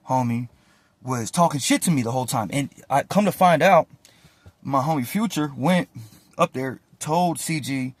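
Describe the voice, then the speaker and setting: A man in casual storytime mode, recounting events with loose slang and plenty of cursing. His voice sits at an ordinary middle pitch. The sound is close and dry, with no room echo at all. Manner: animated, slangy and profane retelling.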